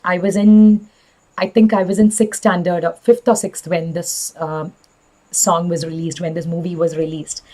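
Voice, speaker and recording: A woman in her thirties with an airy, breathy voice, chatting warmly with her students as an online teacher. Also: lowish voice, level tone, normal speed, low-quality recording. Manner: friendly, addresses children, laughs often. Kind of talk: live class sign-off chat.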